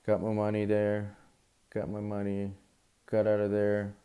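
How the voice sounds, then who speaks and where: A man's voice: on the low side, completely flat delivery, a little slow, warm tone, clean tone. A young man casually retelling a personal story in a slangy, conversational way, acting out the quoted lines.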